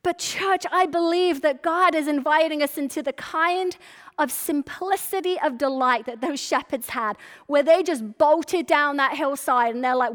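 A woman preaches to her church in a loose, chatty way and slips into quick voiced asides. Her voice sits high. The sound carries a long reverb from the sanctuary. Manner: casual, animated preaching with quoted asides. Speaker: pastor. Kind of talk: sermon.

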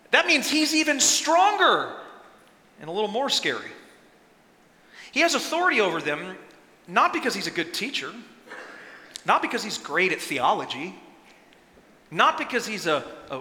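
Animated pastor in an echoey hall. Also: male voice, extremely high pitch. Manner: animated, acts out quotes with sudden loud bursts. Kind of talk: sermon. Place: church sanctuary.

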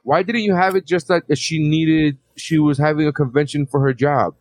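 A man's voice: on the high side, fairly even intonation, normal speed. A man hosting a movie review podcast, talking in a rambling way with many restarts and casual swearing. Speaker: podcast host.

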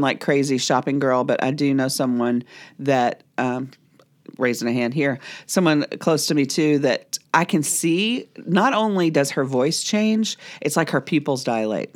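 A woman from Kentucky with a Kentucky accent and a notably low voice, chatting casually as a podcast co-host. She tells stories and laughs often. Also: moderate pace. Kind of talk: casual chat.

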